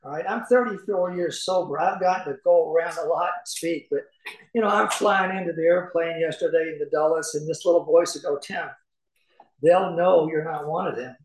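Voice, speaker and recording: A man's voice: a little high, fairly even intonation, brisk. A middle-aged man from Kentucky telling personal recovery stories in a folksy way, acting out the voices in them. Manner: folksy storyteller, acts out voices, chuckles often. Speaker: speaker at a recovery meeting. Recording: echoey room.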